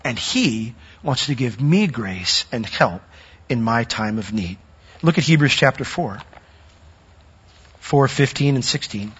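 A man preaching a sermon, earnest, growing louder and higher when he acts out a worshipper's doubts. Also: expressive, a little slow, long pauses, breathy edge. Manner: earnest, rising in pitch and force when acting out a doubting worshipper's words. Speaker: pastor. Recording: dull sound with long hall reverb.

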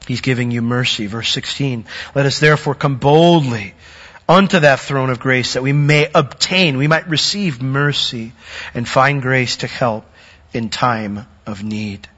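A man preaching a sermon, earnest, growing louder and higher when he acts out a worshipper's doubts. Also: measured pace. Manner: earnest, rising in pitch and force when acting out a doubting worshipper's words. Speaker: pastor. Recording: dull sound with long hall reverb.

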